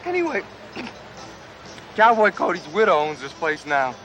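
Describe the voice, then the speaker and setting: A folksy, eager car salesman talks in a fairly high voice. The audio carries clear background noise from a busy lot. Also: wildly swooping pitch, measured pace, a bit bright, heavily acted. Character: chummy male car salesman.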